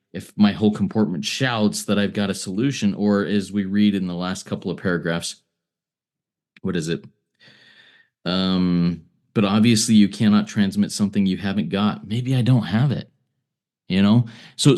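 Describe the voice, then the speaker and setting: A man's voice: sits low, darkish tone. A man co-hosting a recovery podcast, speaking thoughtfully and hesitantly. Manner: hesitant, thoughtful, many fillers and restarts. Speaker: podcast co-host.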